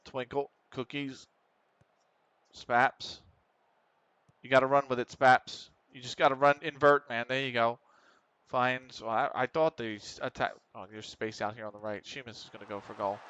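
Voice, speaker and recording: A man's voice: medium pitch, level tone, moderate pace, a bit bright, smooth, no room sound, lo-fi sound. A man streaming a football management game, reacting live, swearing and calling out to the players on screen.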